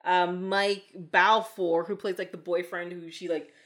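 A woman co-hosting a casual movie podcast, talking in an animated way, laughing often and acting out quotes. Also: lowish voice, unhurried. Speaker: podcast co-host. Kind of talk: casual chat about movies.

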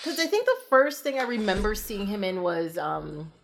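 A woman chatting casually as a podcast co-host, giggly and animated as she tells stories. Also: medium pitch, moderate pace, vocal fry. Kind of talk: casual chat.

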